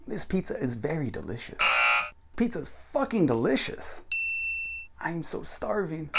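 An American man talks through an informal English lesson, his voice leaping around in pitch as he acts out examples. There is a gravelly rasp under his speech, and he sounds at ease. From United States. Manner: animated, acts out example sentences with big pitch jumps. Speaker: English teacher, channel host. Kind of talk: casual explainer video.

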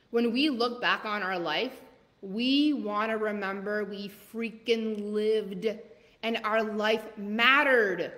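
A woman coach giving a live motivational masterclass, urging listeners on with rapid-fire repeated commands. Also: a little high, a bit bright, long reverb tail. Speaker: leadership coach.

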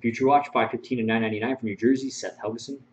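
A man's voice: medium pitch, steady tone, very fast. A man hosting a live-streamed card break, rattling off card names and serial numbers and chuckling as he chats with viewers. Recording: muffled stream audio with faint hum.

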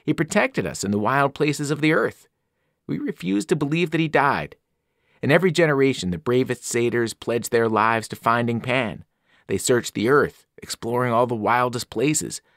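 A man's voice: mid-range voice, gravelly, a bit bright, no room sound. Anxious young satyr, earnest and pleading, dry close sound, read by a man.

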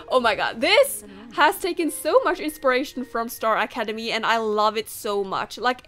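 A woman who is not a native English speaker gives casual commentary while playing a game. Her voice is high, and her talk is chatty and self-deprecating. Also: a bit bright. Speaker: gamer.

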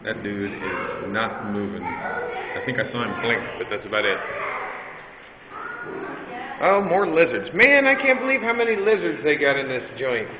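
A man's voice: medium pitch, big pitch swings, measured pace. A man casually narrating a zoo visit for a live stream, joking playfully about the animals as he walks along. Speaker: vlogger filming a zoo visit. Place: zoo reptile house. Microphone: phone camera. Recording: echoey, muffled phone stream with noise.

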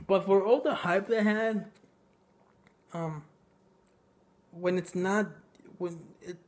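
A man giving a casual, ranting film review, blunt and sarcastic, with many pauses and fillers. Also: sits high, fairly even intonation, a little mellow, a little hiss or hum.

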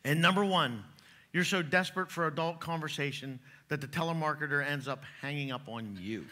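Man, pastor, church sermon, folksy jokes, bright forceful voice. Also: a little high, fairly quick. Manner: joking, folksy, chuckles at own jokes. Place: church sanctuary.

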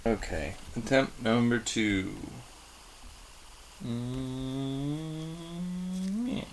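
A man's voice: medium pitch, expressive, drawn-out words, a little hiss or hum. A young man talking casually to the camera as a vlogger, rambling a little and chuckling between phrases. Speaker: vlogger on a date with his wife. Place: at home.

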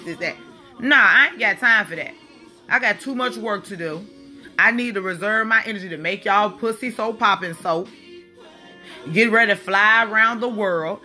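A woman speaks with a bright, forceful edge. She delivers a blunt, preachy, profane livestream monologue from indoors. Faint music plays underneath. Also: mid-range voice. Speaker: spiritual wellness livestream host. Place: alone, indoors. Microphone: phone or webcam.

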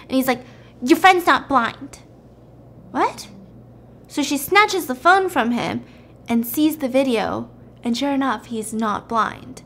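Chatty high-voiced young woman storyteller. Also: a little slow. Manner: animated, chatty, acts out scenes. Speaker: host. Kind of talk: casual storytelling, retelling a film plot.

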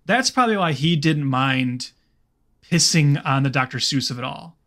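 A man's voice: fairly high pitch, animated, moderate pace, fairly bright tone. A man co-hosting a podcast in casual film-review chat, rambling with lots of fillers. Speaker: podcast co-host.

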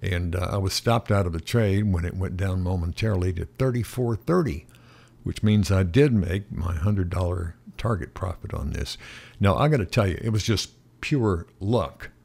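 A middle-aged man with a very low, gravelly voice talks through a live trade on screen. His tone is husky and unhurried as he calls out price levels one after another, often pausing with an "uh" to think. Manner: steady, unhurried narration of price levels with frequent "uh" fillers. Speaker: day trading instructor. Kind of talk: screen-recorded trading walkthrough.

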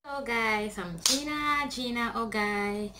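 Young Nigerian-accented woman, higher voice, animated vlogger ranting at the camera, faint noise behind. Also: unhurried. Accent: Nigerian English. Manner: animated, exclaiming, mixing in Nigerian Pidgin. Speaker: YouTuber. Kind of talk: reaction video rant.

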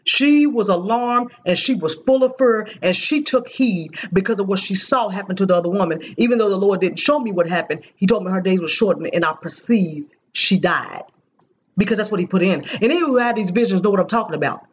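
A woman's voice: medium pitch, fairly quick, husky, highs cut off. A woman preaching, earnestly recounting a prophetic dream and repeating key phrases for emphasis.

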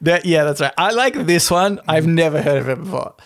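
A man's voice: on the high side, fairly quick. A man hosting a podcast, reading a list aloud and laughing often in casual comedic chat. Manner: giggly, reads out a list, laughs a lot. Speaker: podcast host.

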